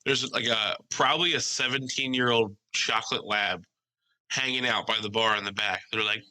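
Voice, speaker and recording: Bright-voiced man telling rowdy stories. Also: lowish voice, normal speed, rough recording. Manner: animated storyteller, swears freely, mimics voices. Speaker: podcast co-host. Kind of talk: casual podcast chat.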